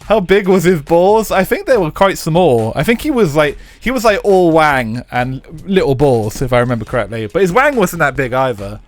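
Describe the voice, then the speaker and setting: A man's voice: a little high, very animated, normal speed, few pauses, faint music behind. A young man streaming a racing game live, chatting casually with viewers, rambling and swearing with lots of fillers. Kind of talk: live gameplay commentary and chat.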